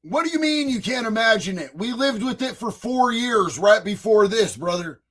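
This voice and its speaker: A man co-hosting a casual commentary stream, loud and profane, full of slang and frequent shouting. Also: sits high, lively intonation, moderate pace. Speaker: co-host.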